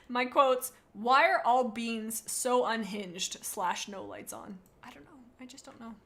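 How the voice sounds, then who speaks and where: A woman's voice: a little high, slow pace, fairly bright tone. A woman chatting on a live stream, rating viewers' cats, reading chat aloud in a bubbly, rambling, playful way.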